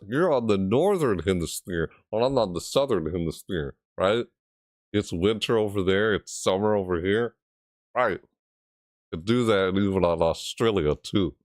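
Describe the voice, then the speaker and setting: Low voice, man, rambling gamer chat, answers viewer messages, swings up into high yelps, dry close room. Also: lively intonation, moderate pace, a little mellow, no echo. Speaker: gaming YouTuber reacting to trailers and chat. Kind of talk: casual chat to camera.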